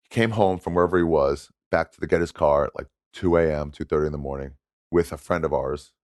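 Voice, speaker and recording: A man telling a story in casual chat, animated and laughing often as he talks. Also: rumbling low, quick pace, no room sound, clean studio sound. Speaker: guest comedian.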